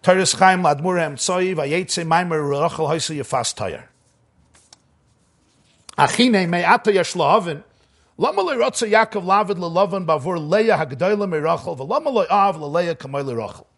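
A man teaches a Torah class in a high-pitched, expressive, somewhat bright voice. He reads the source text rapidly and translates it, then explains it with slow, emphatic phrasing and an occasional chuckle.

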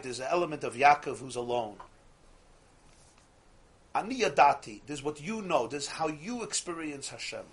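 Man, rabbi giving a Torah class, husky voice. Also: on the high side, fairly bright tone. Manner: conversational, asks the class questions, repeats phrases, uses Hebrew and Yiddish terms.

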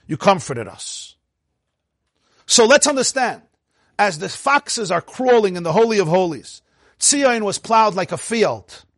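A man teaching a Torah lecture, telling the story with animated delivery, laughing now and then, and mixing in Hebrew terms. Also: high-pitched, a little slow, no echo, studio quality. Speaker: rabbi teaching.

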